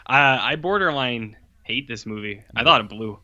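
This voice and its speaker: A man's voice: medium pitch, animated, normal speed, sharp tone, dry recording, highs cut off. A man co-hosting a podcast, giving a blunt, profane film review and mocking it with quoted voices. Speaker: podcast co-host. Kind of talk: casual film review chat.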